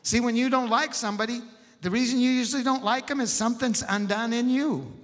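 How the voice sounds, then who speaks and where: Animated folksy preacher in an echoey hall. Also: male voice, very high-pitched, a little fast. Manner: animated, folksy, laughing often. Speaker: pastor. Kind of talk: storytelling sermon.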